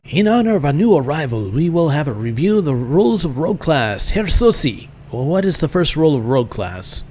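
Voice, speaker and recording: A man's voice: on the high side, big pitch swings, brisk, warm tone, slight background noise, voice pushed up. A man voicing a stern older male rogue-class master with a put-on German accent, formal and lecturing.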